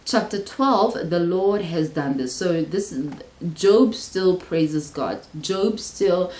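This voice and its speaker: A woman's voice: on the low side, lively intonation, slow pace, darkish tone, echoey room, poor audio. A woman hosting a Bible study, who teaches in a casual, earnest way and thinks aloud, often restarting her sentences.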